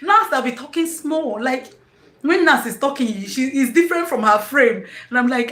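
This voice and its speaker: A woman with a Nigerian English accent hosting her own live stream in casual chat, excitable and effusive, laughing often. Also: high-pitched, normal speed, roomy sound.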